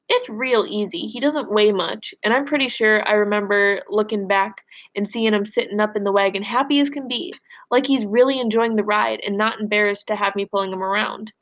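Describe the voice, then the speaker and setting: A woman teacher reading a novel aloud for a lesson, telling the story expressively and pausing to ask the class questions. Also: medium pitch, a bit bright.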